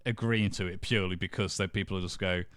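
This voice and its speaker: A man's voice: sits low, steady tone, fast, a bit bright, clear, resonant tone. A man co-hosting a casual podcast chat, rambling and laughing often. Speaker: podcast co-host.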